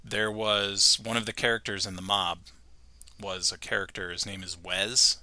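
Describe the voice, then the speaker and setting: A man hosting a podcast, recapping a cartoon episode with animated storytelling and frequent laughter. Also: on the low side, normal speed, no echo. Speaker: podcast host.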